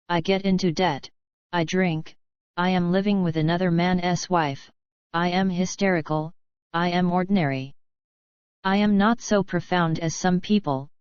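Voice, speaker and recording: A woman's voice: on the low side, darkish tone, clean tone, no room sound, highs cut off, close to an everyday voice. A woman voicing an agitated, hysterical young male drunkard in an audiobook, with overwrought, pleading outbursts.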